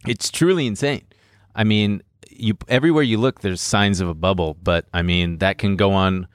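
Young guy hosting a podcast, lowish voice, dry studio sound, rambly and jokey. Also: normal speed, clear, resonant tone, no echo. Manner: joking, rambling, explains trades. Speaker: podcast host. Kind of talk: casual crypto chat.

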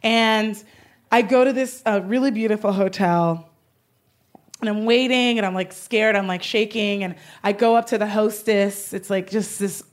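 A young adult woman host telling a rambling comic story, excitable and laughing through it. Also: medium pitch, normal speed. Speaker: podcast host. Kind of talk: comedic storytelling.

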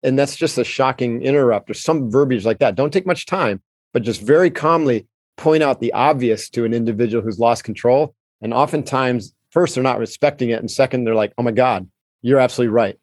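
A man hosting a podcast, calmly explaining techniques for staying in control and acting out quoted lines as he coaches. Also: mid-range voice, brisk, no room sound. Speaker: podcast host answering listener questions. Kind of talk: calm explanatory advice talk.

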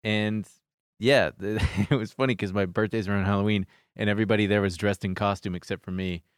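Low-voiced wry podcast co-host. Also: male voice, steady tone, a little fast, clear, resonant tone, no echo, clean studio sound. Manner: chatty, reads tweets aloud, wry asides. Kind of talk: casual chat.

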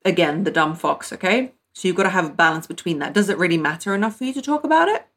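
A woman's voice: on the low side, expressive, fast talker, fairly bright tone. A young woman coaching on relationships, talking bluntly and emphatically and addressing her listeners as "my loves" and "girl". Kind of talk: direct-to-camera advice talk.

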